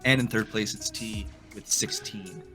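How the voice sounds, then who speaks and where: A man's voice: fairly low pitch, fairly even intonation, unhurried, bright, forceful tone, husky, soft background music. A man hosting a live-streamed trivia game show, playful and teasing with his contestants.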